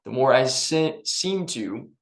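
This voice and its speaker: A man's voice: mid-range voice, animated, slow pace, reverberant. A man giving an upbeat, emphatic motivational talk in a conversational way. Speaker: personal development vlogger.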